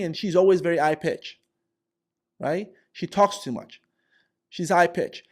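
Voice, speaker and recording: A man in his forties tells office stories as career advice, repeating himself for emphasis. His voice sits a little high for a man, and he keeps slipping into the voices of the coworkers in his stories. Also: moderate pace, darkish tone. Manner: repetitive, acts out characters. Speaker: career vlogger. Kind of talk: animated storytelling advice.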